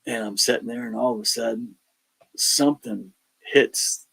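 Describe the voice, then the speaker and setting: A man telling his paranormal investigation stories in casual chat, animated and acting out the quotes. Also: mid-range voice, normal speed, vocal fry, slightly rough, poor audio. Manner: animated storyteller, acts out quotes, laughs between lines. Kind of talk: casual storytelling on a podcast.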